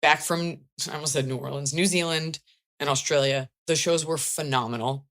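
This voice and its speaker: Low-voiced wry woman podcast host. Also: steady tone, moderate pace, fairly bright tone. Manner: chatty, wry, profane storytelling. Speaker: podcast host and stand-up comedian. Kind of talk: casual comedic chat.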